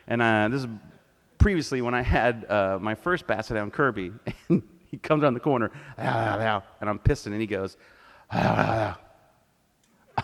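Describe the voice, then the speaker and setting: A middle-aged cartoonist on a convention stage, telling crude comic stories in an animated way and laughing with the crowd. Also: male voice, medium pitch. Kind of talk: comic live storytelling. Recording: long hall reverb.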